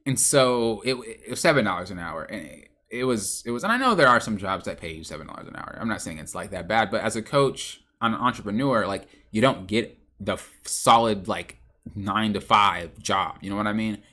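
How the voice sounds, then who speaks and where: Animated and a little fast, a podcast host and game coach rambles through a story about coaching games, sounding unscripted and casual. His bright, forward voice swings widely in pitch as he stumbles, restarts, and fixes his sentences midstream.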